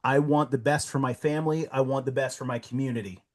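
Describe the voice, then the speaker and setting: A man's voice: medium pitch, steady tone, quick pace. A man guesting on a podcast, ranting bluntly with heavy profanity and heated emphasis. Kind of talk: casual podcast rant.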